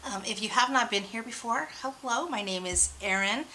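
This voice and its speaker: Young woman, bright voice, bubbly rambling vlog chat, faint room hum. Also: fairly high pitch, moderate pace, rough recording. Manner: bubbly, rambling, self-described hyper. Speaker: oracle card reader and channel host. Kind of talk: casual chatty vlog.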